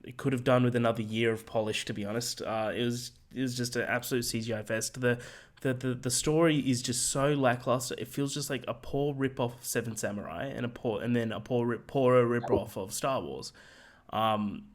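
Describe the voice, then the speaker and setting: A man co-hosting a podcast, giving a casual, rambling film review with many fillers and restarts in a monotone voice. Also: medium pitch, brisk. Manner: calls his voice monotone. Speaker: podcast co-host.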